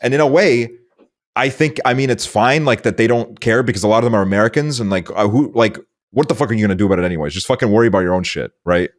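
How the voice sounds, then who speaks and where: A man's voice: on the low side, quick pace. A young man from Estonia, a podcast host chatting casually, rambling with lots of filler words and swearing. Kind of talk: casual chat.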